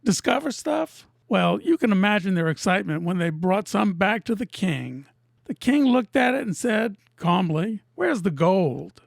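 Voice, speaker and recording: A woman who cuts and sells opals, narrating her workshop video in a deadpan, teasing way. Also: mid-range voice, moderate pace, gravelly, no echo, clean studio sound. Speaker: opal cutter and seller. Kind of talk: narrated lapidary video with jokes.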